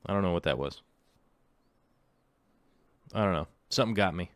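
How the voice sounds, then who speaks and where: A middle-aged man hosts a live stream in a low-pitched voice at normal speed, chatting casually, rambling, and tossing in plenty of fillers and jokes. There's no echo.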